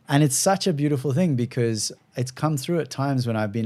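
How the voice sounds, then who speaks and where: A man's voice: mid-range voice, quick pace, hardly any pauses, mellow. Guy hosting a chill podcast, playful and chatty, laughs at himself. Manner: chatty, playful, self-deprecating. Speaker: podcast host. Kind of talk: casual conversation.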